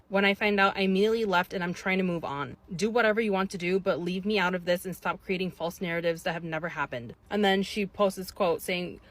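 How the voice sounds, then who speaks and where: Woman doing drama commentary, reads out posts, gossipy and punchy. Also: mid-range voice. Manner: reads out quotes, gossipy and emphatic. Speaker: commentary host.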